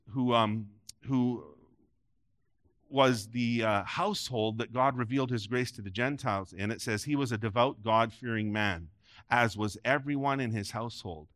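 A male pastor preaching to a congregation in a church, his voice climbing on emphatic lines and sinking at the ends of phrases. His voice sits at an ordinary middle pitch. The sound is dry and close to the microphone. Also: fairly bright tone, no echo. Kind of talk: sermon. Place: church sanctuary before a congregation.

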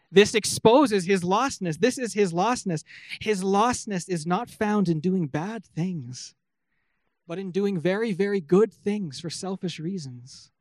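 A man's voice: sits high, dry recording. A man preaching a sermon in an earnest, emphatic way, often asking his listeners rhetorical questions. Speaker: pastor.

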